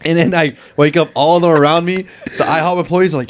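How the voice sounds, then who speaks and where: A man's voice: a little high, fast talker. A young man co-hosting a podcast, telling a story in casual, profane slang. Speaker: podcast co-host. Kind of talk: casual chat.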